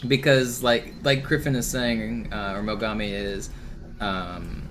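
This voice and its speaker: A man's voice: on the low side, level tone, unhurried, a bit bright, slight background noise. A man streaming a game speedrun, chatting casually with viewers and thinking aloud about tricks. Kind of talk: casual live-stream commentary. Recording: voice over game audio with music.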